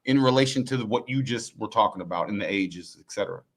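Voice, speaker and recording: A man hosting a live discussion, telling an anecdote in a relaxed way and chuckling as he talks. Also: fairly low pitch, fast. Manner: storytelling, chuckles while talking. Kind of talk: casual podcast discussion.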